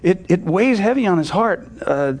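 A man teaching a sermon in a loose, conversational way, full of "you know" and restarts, growing animated as he retells a story. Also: high-pitched, normal speed. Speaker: pastor.

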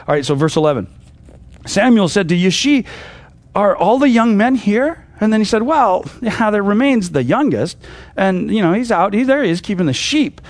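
A middle-aged pastor gives casual Bible teaching in a loose, chatty manner, stumbling over fillers and restarts. His high voice swings widely as he acts out the lines of people in the story. The sound is close and dry, with no echo.

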